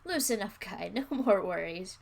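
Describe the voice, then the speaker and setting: A woman's voice: medium pitch, animated, normal speed, creaky. A woman voicing a wisecracking male robot crewmate in a jokey, teasing way.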